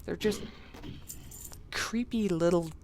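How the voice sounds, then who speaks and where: An adult streamer talks slowly and unhurriedly, drifting from one anecdote to the next while playing. The voice sits at an ordinary middle pitch. Laughs, sighs and mild swearing keep it loose and conversational. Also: noisy background. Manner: meandering, chuckling, sighing, mildly profane. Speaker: gaming streamer. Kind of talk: casual rambling storytelling while playing.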